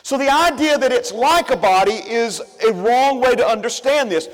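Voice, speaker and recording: Very high-voiced preacher, reverberant church. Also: male voice, expressive, moderate pace, hardly any pauses. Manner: conversational, with many asides and fillers; builds emphasis by repeating phrases. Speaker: pastor. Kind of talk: sermon. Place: church sanctuary. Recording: long reverb of a church hall.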